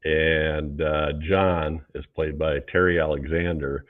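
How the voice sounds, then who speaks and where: A man with a low voice on a film review podcast, pausing and filling with ums as he checks cast facts. His sound comes through thin and tinny, like a phone line. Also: fairly even intonation. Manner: hesitant, many ums, looks up cast facts. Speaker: podcast co-host. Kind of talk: casual film review chat.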